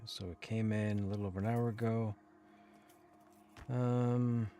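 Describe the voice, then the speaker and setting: A man's voice: lowish voice, fairly even intonation, measured pace, warm tone, slight background noise. A man streaming a game, chatting casually and musing aloud while reading chat questions.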